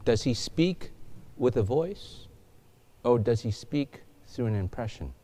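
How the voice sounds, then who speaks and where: Preaching slowly at a medium pitch, this pastor puts questions to the congregation and tells stories with animation throughout his sermon.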